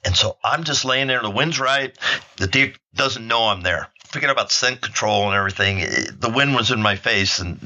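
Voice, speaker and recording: A man's voice: mid-range voice, normal speed, highs cut off. An older man telling hunting stories in a casual interview, acting out the moments and laughing often. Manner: animated storyteller, acts out shots and quotes, laughs often.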